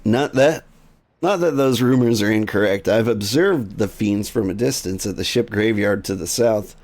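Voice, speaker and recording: A man voicing a composed, formal official in a measured, slightly stiff delivery while reading a video game's dialogue. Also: lowish voice, a little mellow, close to an everyday voice.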